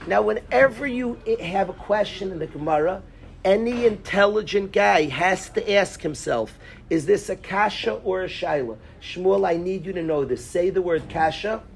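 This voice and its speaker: A man teaching a lively Talmud class in a synagogue, quizzing his students by name and mixing in Hebrew and Yiddish terms. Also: high-pitched, moderate pace, gravelly, slight background noise.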